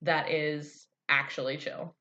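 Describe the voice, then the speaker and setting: A woman's voice: low voice, flat delivery, slow, pushed and bright, muffled recording. A woman co-hosting a podcast, chatting casually, acting out quotes and swearing freely. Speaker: podcast co-host. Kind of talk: casual recap chat.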